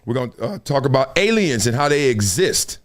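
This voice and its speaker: A man hosting a casual live-stream commentary show, animated and often laughing as he mocks the people he talks about. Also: medium pitch, brisk. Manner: animated, laughing, mocking impressions. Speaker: host.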